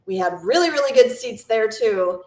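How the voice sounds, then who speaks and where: A woman's voice: on the high side, expressive, normal speed, darkish tone. A middle-aged woman hosting a travel channel, chatting casually and telling rambling stories in a live Q&A. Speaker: travel vlog host. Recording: echoey room.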